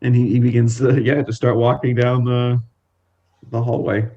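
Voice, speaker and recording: Halting man narrating a tabletop game. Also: medium pitch, little pitch movement, warm tone, muffled recording. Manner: halting, stammering restarts. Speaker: game master and player. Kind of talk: casual tabletop role-play narration.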